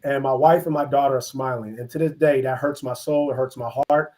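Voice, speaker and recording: A middle-aged man from East Oakland, telling his life story as an interview guest, earnest and halting with many restarts. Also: medium pitch, fairly even intonation, warm tone. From East Oakland, California. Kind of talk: reflective personal storytelling.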